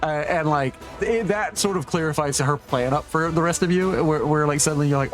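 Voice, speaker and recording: A man narrating as game master for a tabletop game, talking in halting bursts full of restarts. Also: a little high, faint music behind.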